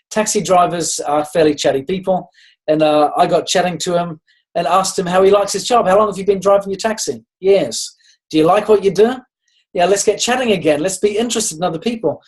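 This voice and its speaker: A man's voice: high-pitched, a little mellow. A man leading a network marketing call, telling stories in an encouraging way with frequent restarts. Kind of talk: motivational talk on a group call.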